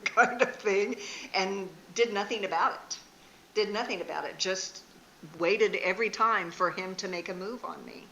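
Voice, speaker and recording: Frank, bright-voiced older woman speaker. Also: mid-range voice, moderate pace, echoey room, slight background noise, poor audio. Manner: frank and earnest, laughing at herself. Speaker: marriage seminar speaker. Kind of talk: candid seminar talk with personal stories. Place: church hall.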